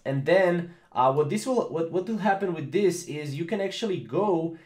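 A man's voice: a little high, expressive, moderate pace, roomy sound. A man hosting a casual tech tutorial, rambling with many fillers and repeated phrases. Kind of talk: casual screen-recorded tutorial.

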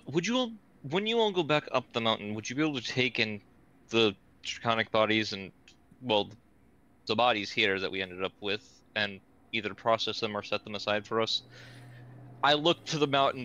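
A man's voice: on the low side, moderate pace, bright, forceful tone, lo-fi sound. A man playing a tabletop game who speaks politely and hesitantly as his character, often restarting his sentences. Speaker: player. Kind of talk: casual in-character play.

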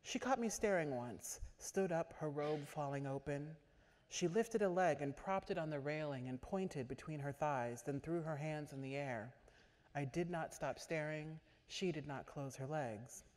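A woman's voice: low voice, lively intonation, unhurried, a little mellow. Woman reading fiction in a hall. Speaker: author reading her fiction. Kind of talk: literary reading. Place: large auditorium. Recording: echoey auditorium.

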